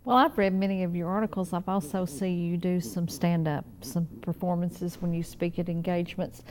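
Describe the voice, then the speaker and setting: A woman interviewing a guest, asking measured, polite questions. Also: on the low side, fairly even intonation, darkish tone.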